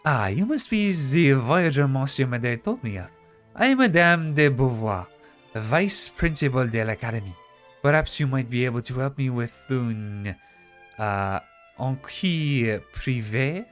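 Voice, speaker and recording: A refined lady vice principal from a fantasy game, voiced by a man reading the dialogue. She speaks with a put-on French accent, slipping in French words, and has a polished, confiding manner. Faint music sits in the background. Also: medium pitch. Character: snooty vice principal woman, curious, refined.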